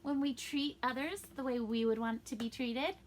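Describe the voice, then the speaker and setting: A woman's voice: sits high, normal speed, a little hiss or hum. A young woman reading a storybook aloud to children, adding chatty explanations for young listeners.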